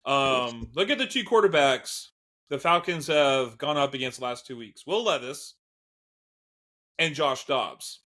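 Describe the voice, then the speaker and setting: A man's voice: medium pitch, lively intonation, a little slow, fairly bright tone. A man co-hosting a casual fantasy football podcast, laid-back and laughing, often agreeing with his partner. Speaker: podcast co-host.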